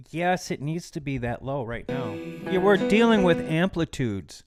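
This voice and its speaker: A man hosting a live stream who teaches music mixing in a chatty, casual way and often drops into quiet muttered asides while he works. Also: on the high side, animated, moderate pace, few pauses. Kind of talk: casual live tutorial talk.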